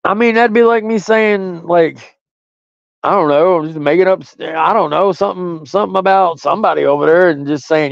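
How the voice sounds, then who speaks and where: A man's voice: sits high, moderate pace, creaky, no room sound, muffled recording. Profane, mocking man ranting on stream. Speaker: stream host. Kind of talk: ranting monologue.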